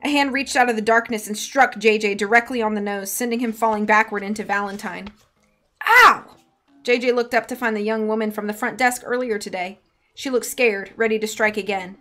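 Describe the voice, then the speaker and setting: A woman's voice: medium pitch, fairly even intonation, fairly quick, faint music behind. A woman reading a storybook aloud on a live stream, chatting with her viewers in between.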